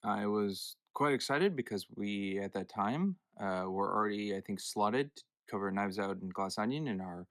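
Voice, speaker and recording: A man's voice: on the low side, lively intonation, normal speed, few pauses, no echo. Chatty male podcast host, dry sound. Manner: chatty, self-correcting, moderates turns. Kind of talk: casual chat.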